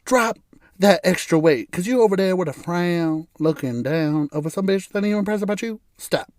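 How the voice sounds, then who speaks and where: A man's voice: sits high, a little fast, darkish tone, no room sound, studio quality, pitched above the performer's own voice, close to an everyday voice. A man voicing a sassy, fierce female motivational influencer giving a preachy pep talk.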